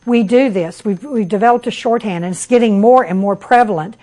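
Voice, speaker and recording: A middle-aged woman teaches a college class in a loud, emphatic lecture voice. She is lively and restarts phrases often, repeating words as she talks. Her pitch sits in the usual middle range for a woman. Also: a little fast, low-quality recording. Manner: loud speaking voice. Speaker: college instructor.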